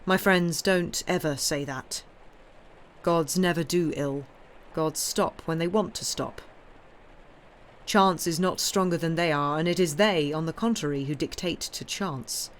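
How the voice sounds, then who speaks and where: A woman voicing a grand, worldly male count in an audiobook reading, speaking in a measured, reassuring way. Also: low voice, slight background noise.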